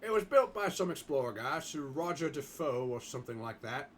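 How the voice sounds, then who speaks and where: A man's voice: mid-range voice, lively intonation, fairly quick, a little hiss or hum, lightly acted. A man reading as a cocky young treasure hunter. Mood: offhand. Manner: cocky, offhand.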